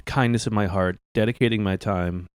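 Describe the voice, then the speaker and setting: Guy doing deadpan improv doctor bit on a podcast, stumbly restarts, dry close mic. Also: lowish voice, clean tone, no room sound. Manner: deadpan, halting with many restarts. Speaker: comedy podcast host playing a doctor. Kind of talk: improvised comedy chat.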